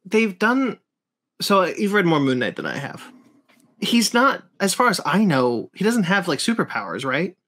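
A man's voice: high voice, sing-song, moderate pace, a bit bright. A man co-hosting a podcast in casual chat, often stalling and restarting his sentences and asking questions. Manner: hesitant, restarts a lot, asks questions. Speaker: podcast co-host.

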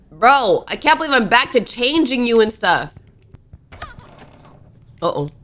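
A young woman narrating a horror game as she plays, excitable and talking to the characters on screen. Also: medium pitch. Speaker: gaming YouTuber. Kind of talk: let's play commentary.

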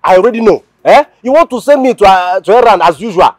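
A man's voice: high-pitched, fast, no room sound. An actor with a Nigerian accent playing an impatient young man desperate to travel abroad, pleading and stammering. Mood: complaining. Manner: excitable, pleading, stammering repetitions. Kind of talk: film drama acting.

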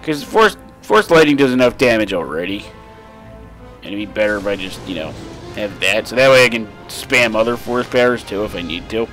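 A young man giving casual, rambling let's play commentary, swearing freely and breaking into sudden shouts. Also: on the low side, animated, brisk, faint music behind. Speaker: gaming commentator.

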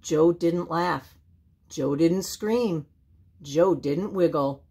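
An older woman reading a children's picture book aloud, slow and expressive. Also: on the low side, husky. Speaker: storyteller. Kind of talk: children's storybook read-aloud.

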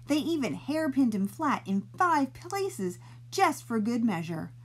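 Playful, slow-reading children's librarian woman. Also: fairly high pitch, husky. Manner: playful, expressive, drawn-out words. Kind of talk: bedtime storybook reading.

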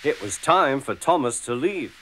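A man narrating a children's storybook in an even, gentle storytelling manner. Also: mid-range voice, normal speed. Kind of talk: children's storybook narration, chopped into a parody edit. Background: background music.

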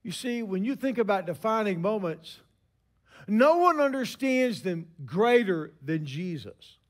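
A man in his sixties preaching a sermon, telling stories with emphatic pauses. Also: high voice, sing-song.

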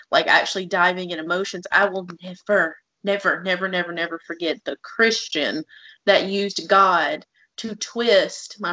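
Talking candidly on a podcast she co-hosts, this woman opens up about her feelings with raw emotional frankness. The audio is dull and lo-fi, and her voice sits on the low side with a sharp edge.

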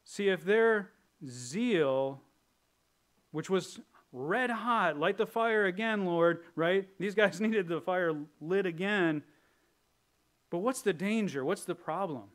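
A man's voice: high-pitched, lively intonation, slow pace, fairly bright tone. Conversational male pastor preaching. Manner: conversational, jokey, drops into put-on voices. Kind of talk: sermon.

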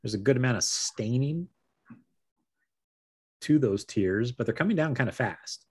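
A man hosting a casual virtual wine tasting over a video call, talking in halting bursts with repeated words and frequent laughs. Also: mid-range voice, expressive, slightly rough.

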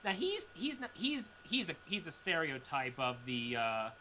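Man, podcast co-host, bright and somewhat high voice, hesitant, faint noise. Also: wildly swooping pitch, measured pace. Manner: hesitant, many uh's and restarts. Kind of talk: casual fan podcast chat.

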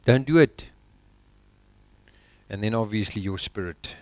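A South African pastor preaches a sermon in church, urging his listeners with rhetorical questions and lowering his voice for emphasis. He sounds unhurried and a little mellow, with no echo.

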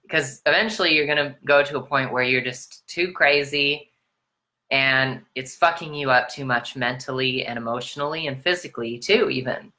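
An American woman with a strikingly low voice delivers a motivational self-love sermon. Her tone is bright and forceful. She stacks rhetorical questions, swears casually, and swings her pitch widely. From United States. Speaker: spiritual self-love coach.

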